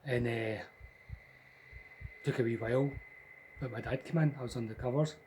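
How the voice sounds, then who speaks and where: A man's voice: mid-range voice, fairly even intonation, normal speed, darkish tone, a little hiss or hum, rough recording. Scottish man telling a ghost story. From Scotland. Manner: rambling, conversational, with restarts. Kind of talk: casual spoken ghost story.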